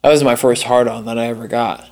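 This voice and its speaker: A young man telling a personal story in casual chat, rambling with lots of fillers and swearing, jumping up in pitch to act out the people he quotes. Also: fairly even intonation, quick pace, gravelly, darkish tone. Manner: acts out quoted voices with big jumps in pitch. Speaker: podcast guest.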